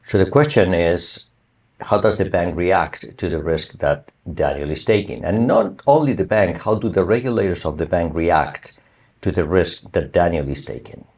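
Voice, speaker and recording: A man with a deep, low-pitched voice gives a university lecture. He talks in a loose, conversational way and keeps asking the class whether it is clear. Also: animated, normal speed, darkish tone. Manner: conversational, asks the class for confirmation. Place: online or recorded lecture.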